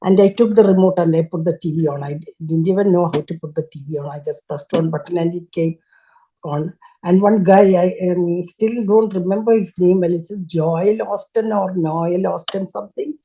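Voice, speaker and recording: An older woman shares a personal devotional story as a guest. Her voice sits low and has a soft, mellow warmth. She speaks haltingly, breaking off mid-phrase and restarting as she looks for the right word. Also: steady tone, rough recording. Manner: halting, searching for words with frequent restarts. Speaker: guest sharing a devotional testimony.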